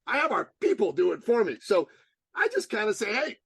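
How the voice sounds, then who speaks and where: Lively, animated man telling stories. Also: high voice, a little fast, creaky, slightly rough, dry recording. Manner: animated storyteller, acts out quotes. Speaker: guest, motivational coach. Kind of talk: casual storytelling interview.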